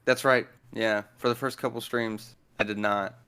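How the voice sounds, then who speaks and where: A man's voice: fairly low pitch, flat delivery, moderate pace, pushed and bright, clean tone. A man speaking as a guest in a casual chat, blunt, direct and dry in manner.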